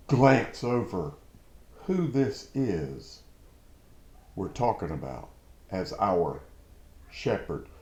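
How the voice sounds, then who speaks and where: A man giving a reflective devotional Bible teaching, slow and thoughtful with sudden emphatic bursts. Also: on the low side, dark tone, reverberant. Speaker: preacher.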